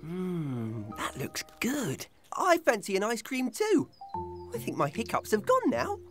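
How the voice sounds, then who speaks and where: An actor voicing a gentle, goofy young bear in a cartoon, gasping with hiccups in a sing-song way. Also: medium pitch, wildly swooping pitch, measured pace. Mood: hopeful. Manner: gaspy, sing-song and easily startled. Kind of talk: cartoon voice acting. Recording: music playing behind.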